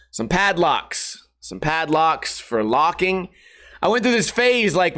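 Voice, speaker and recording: A man's voice: a little high, a bit bright. A man in his thirties talking casually to camera at home, rambling and joking with lots of swearing. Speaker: vlogger. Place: hot house.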